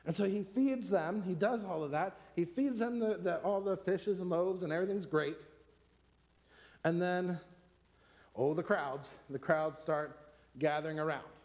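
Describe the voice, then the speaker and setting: A man's voice: sits high, a little slow, darkish tone. A man preaching a sermon, teaching in a conversational, emphatic way with rhetorical questions. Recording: long hall reverb.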